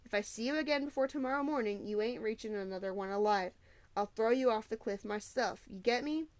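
A woman's voice: on the high side, fairly quick, darkish tone, lightly acted. A woman voicing an angry stern teenage leader. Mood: threatening. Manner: threatening, commanding.

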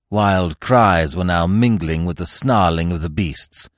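A man narrating a classic adventure story in a theatrical, highly expressive reading. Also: measured pace, hardly any pauses, no room sound, clean studio sound. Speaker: podcast narrator. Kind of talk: dramatic audiobook narration.

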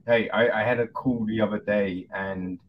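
A man's voice: lowish voice, fairly even intonation, moderate pace. A man hosting a podcast, chatting casually and loosely, his thoughts trailing along with fillers. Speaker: podcast host. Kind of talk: casual chat. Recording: dull lo-fi audio with faint noise.

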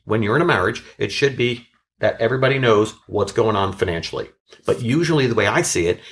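A man's voice: on the low side, a bit bright. A man, a bankruptcy lawyer, telling an earnest story from his practice in a casual panel chat. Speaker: bankruptcy attorney on a podcast panel.

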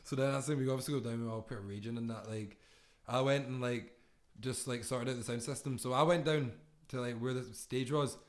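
A man's voice: medium pitch, steady tone, brisk. Rambling young man telling a story. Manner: rambling, filler-heavy, laughs often. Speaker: podcast co-host. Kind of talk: casual chat, storytelling.

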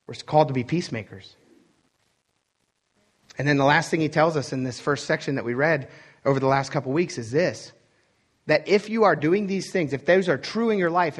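Man preaching, loose and conversational. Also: fairly high pitch. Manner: conversational preaching with frequent "right?" asides and chuckles. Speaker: pastor. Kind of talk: sermon.

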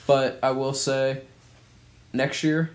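A man's voice: mid-range voice, flat delivery, takes it slowly. A man co-hosting a podcast, chatting easily about sports and asking his partner for predictions. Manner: easygoing, asks for predictions. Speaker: podcast co-host. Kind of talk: casual sports chat.

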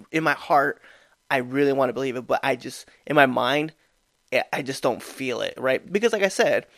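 A man's voice: medium pitch, creaky, a bit bright, no echo, clean studio sound. A man co-hosting a casual sports podcast, talking loosely with many fillers and restarts. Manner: loose, rambling, lots of fillers. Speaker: podcast co-host. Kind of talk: casual chat.

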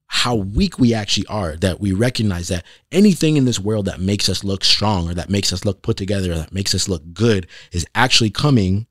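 A man's voice: lowish voice, no room sound, clean studio sound. A man hosting a podcast, giving a casual faith talk and reading scripture, conversational and often asking "right?" for emphasis. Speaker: podcast host.

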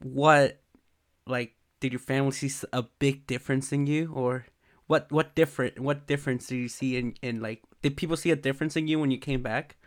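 A man's voice: medium pitch, fairly even intonation, fairly quick. A man interviewing a guest, asking questions hesitantly with many fillers. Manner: hesitant, with many "um"s and repeated words.

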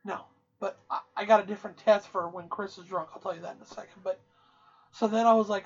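Husky woman telling a rowdy story. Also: medium pitch, quick pace. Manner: loose, profane, animated anecdote-telling. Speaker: podcast co-host. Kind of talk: casual storytelling. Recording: dull, muffled audio.

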